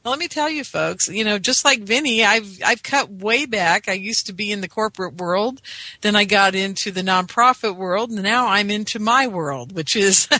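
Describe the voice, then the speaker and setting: An American woman in her fifties chats as a caller on a talk show. Her voice is bright and crisp, her manner agreeable, with lots of you-knows. The sound is dry and close. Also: mid-range voice, normal speed, no echo. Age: 50s. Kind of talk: casual chat.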